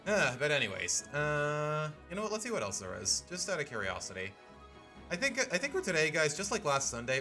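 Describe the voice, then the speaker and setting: Man streamer at medium pitch, casual rambling chat over soft background music. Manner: rambling, keeps saying "you know what".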